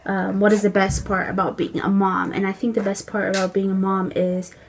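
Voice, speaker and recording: Chatty young mom vlogger. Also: female voice, flat delivery, a little fast, very noisy. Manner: chatty, many "like" fillers, coos in a high voice to her baby. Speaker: vlogger, new mother. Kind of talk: casual chat to camera. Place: at home, feeding her baby.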